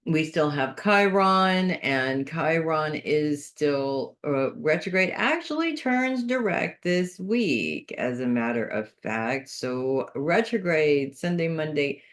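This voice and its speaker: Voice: mid-range voice, sing-song, takes it slowly, hardly any pauses, a bit bright. A chatty astrologer talks through a weekly horoscope in a loose, unscripted way. The speaker restarts phrases while thinking aloud and gives earnest advice in an everyday mid-range voice. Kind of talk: casual unscripted horoscope monologue.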